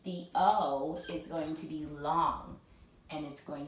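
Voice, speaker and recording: A woman teaching a children's phonics lesson at an unhurried pace, spelling each word out letter by letter. The room is echoey and a faint hiss sits under her voice. She leads the drills plainly, then asks the children to repeat. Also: low-pitched, distant mic.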